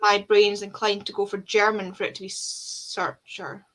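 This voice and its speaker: A Scottish woman hosting a casual reading livestream, chatty and self-deprecating, quick to laugh at herself. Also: medium pitch, level tone, a bit bright. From Scotland. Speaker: host of a reading sprint livestream. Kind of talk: casual chat.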